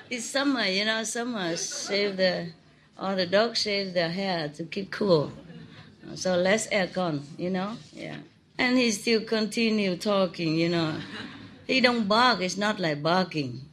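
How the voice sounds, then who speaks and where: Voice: medium pitch, slow pace, long pauses, fairly bright tone, slight background noise, low-quality recording. A spiritual teacher giving an informal talk full of anecdotes, in simple non-native English phrasing, often laughing and repeating words.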